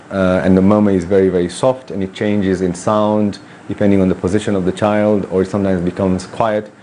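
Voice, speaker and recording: A man with a low, mellow voice speaks as a pediatric cardiologist in a hospital. He explains things in a measured way and stops often for ums and uhs. Faint noise sits under the recording. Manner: measured, hesitant with many fillers. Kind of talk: explaining to camera. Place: hospital in Kenya.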